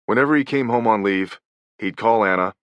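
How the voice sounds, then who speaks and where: A man reading nonfiction as an audiobook narrator, in a measured, even delivery. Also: on the low side, smooth, dry recording.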